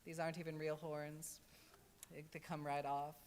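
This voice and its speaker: A woman's voice: sits low, level tone, moderate pace, darkish tone, a little hiss or hum. A woman drag entertainer giving a wry, earnest address with comic asides at a church service. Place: church sanctuary. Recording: reverberant church hall.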